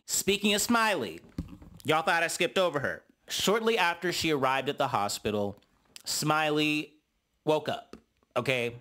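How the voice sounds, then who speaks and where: A young man casually recapping a reality show, animated and jumping up high when he mimics the cast. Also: unhurried, slight background noise.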